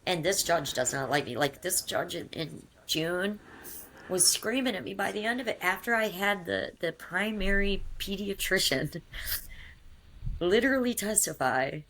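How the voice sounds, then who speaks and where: A woman's voice: on the low side, expressive, a little slow, fairly bright tone, slight background noise. A woman guest on an interview, telling her story in a rambling, casual way with many fillers and restarts.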